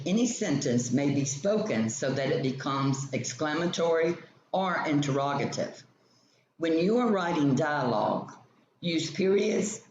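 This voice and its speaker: A male teacher slowly reading a grammar textbook lesson aloud, explaining each example sentence step by step. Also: fairly high pitch, a little mellow. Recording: roomy, dull lo-fi sound with faint ambient noise.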